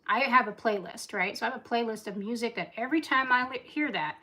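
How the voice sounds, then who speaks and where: With a bright, forceful, slightly high voice, a woman in her forties hosts a relaxed livestream chat. She rambles at speed, talking nonstop while she handles the dishes and the cleaning.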